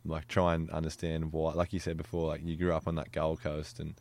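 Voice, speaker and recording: Deep-voiced, hesitant man. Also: monotone, brisk, a little mellow. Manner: hesitant, many fillers, thinking aloud. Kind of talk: casual reflective chat.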